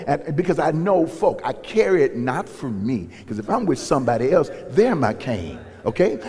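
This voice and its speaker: A man's voice: a little high, a little mellow. A man, a pastor, preaching in a folksy storytelling way and acting out dialogue in raised voices. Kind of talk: sermon storytelling. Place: church sanctuary. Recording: long reverb in a large hall.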